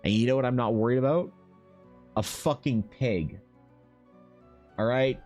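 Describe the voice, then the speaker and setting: Casual: young canadian guy streaming, cussing and riffing on chat, mid-pitched voice, faint music behind. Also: a little slow, a little mellow. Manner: profane, joking, reading chat aloud. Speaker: streamer and artist.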